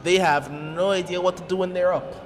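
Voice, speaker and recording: A man's voice: high voice, steady tone, normal speed, long reverb tail, slight background noise. A man chatting casually as a football pundit, laid-back and jokey. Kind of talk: casual match chat.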